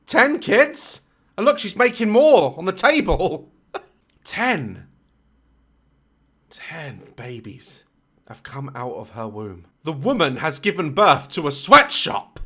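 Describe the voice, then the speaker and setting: A man's voice: a little high, very animated, slow pace, long pauses, sharp tone, breathy edge. A man hosting a reaction video, talking casually from his home office and firing off sarcastic, joking asides.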